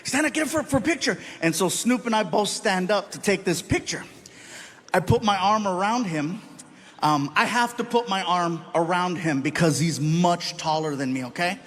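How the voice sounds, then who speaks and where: A man doing live stand-up storytelling, animated, often shouting and laughing at his own lines. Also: sits high, normal speed. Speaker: stand-up comedian. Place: comedy stage before an audience. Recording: live show with audience noise.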